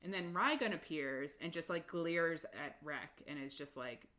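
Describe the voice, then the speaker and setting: Podcast co-host, female, unhurried and low, chatty summarizer who laughs easily. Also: bright, forceful tone. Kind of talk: casual book recap chat.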